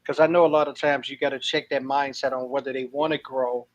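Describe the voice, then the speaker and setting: A man's voice: mid-range voice, fairly even intonation, quick pace, highs cut off. A man hosting a podcast, who talks in a loose, slangy, self-deprecating way as he asks his guest questions. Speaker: podcast host. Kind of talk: casual podcast interview.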